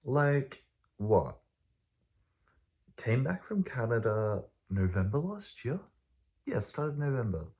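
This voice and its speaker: Slow-talking young man, rambling and sweary. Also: mid-range voice, big pitch swings. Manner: swearing, rambling, swinging from hushed to loud. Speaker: vlogger. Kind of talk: casual rambling to camera.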